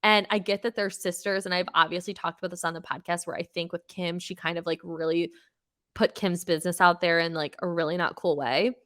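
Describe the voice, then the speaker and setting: Bright-voiced, animated gossiping woman host. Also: fairly low pitch, brisk. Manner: animated, swearing, gossipy with frequent fillers. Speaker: podcast host. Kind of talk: casual solo pop culture recap.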